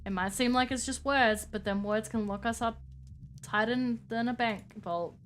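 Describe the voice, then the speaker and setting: A woman's voice: fairly high pitch, moderate pace, soft background music, natural voice. A woman voicing a patient male cowboy therapist, with a put-on American Western accent and a folksy, reassuring way of talking.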